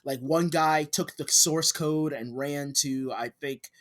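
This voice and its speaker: A man's voice: a little high, fairly even intonation, takes it slowly, fairly bright tone. A man co-hosting a podcast, chatting casually and ranting, getting heated and profane. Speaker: podcast co-host. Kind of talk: casual chat.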